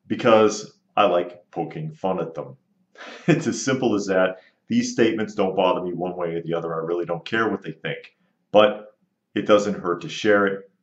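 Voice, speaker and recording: A man hosting his own channel, bluntly and sarcastically answering rude viewer comments in casual commentary. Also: low-pitched. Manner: blunt, sarcastic, dismissive of critics. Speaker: channel host. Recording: roomy, slightly dull audio.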